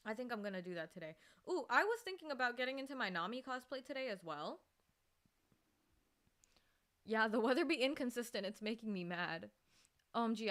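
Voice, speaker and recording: A woman's voice: medium pitch, a bit bright. A woman livestreamer chatting casually with her viewers and reading their messages, laughing easily and getting worked up. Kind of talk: casual live-stream chat.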